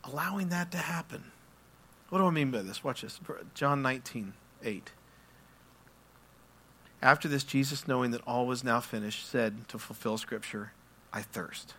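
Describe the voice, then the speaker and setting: A man preaching a sermon, moving between quiet explanation and loud, impassioned passages where he acts out prayers. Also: medium pitch, moderate pace, long pauses. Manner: acts out prayers and quotes in his own voice. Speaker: pastor.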